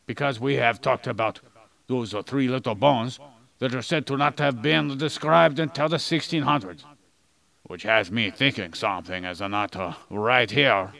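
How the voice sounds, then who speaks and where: A man chats casually as a podcast co-host, mixing facts with silly jokes. His voice is gravelly yet bright and forward. The recording has poor audio quality. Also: medium pitch. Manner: jokey, goofy asides. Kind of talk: casual chat.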